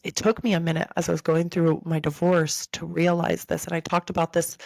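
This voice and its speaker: A woman's voice: on the low side, flat delivery, brisk, creaky, a little mellow, no echo. Earnest woman telling her story, dry. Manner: earnest storytelling, addresses listeners directly. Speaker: podcast host. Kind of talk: candid podcast chat.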